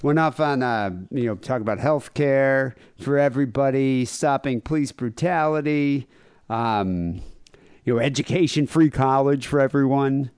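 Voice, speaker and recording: A man's voice: mid-range voice, a little slow, darkish tone, smooth, no echo. A man co-hosting a podcast in casual comedic chat, rambling with lots of fillers and jokey asides. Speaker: podcast co-host.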